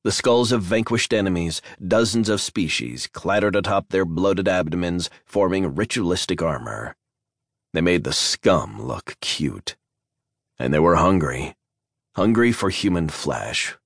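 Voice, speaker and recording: Deep-voiced man narrating an audiobook. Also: animated, no room sound, clean studio sound. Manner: measured, dramatic storytelling. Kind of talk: scripted narration. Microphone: close studio mic.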